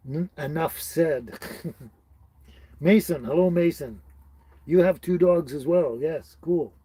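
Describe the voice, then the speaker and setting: A man's voice: on the high side, slow pace, warm tone, breathy edge, rough recording. A middle-aged man hosting a casual live stream, chatting with viewers by name in a rambling way and laughing often. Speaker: livestream host.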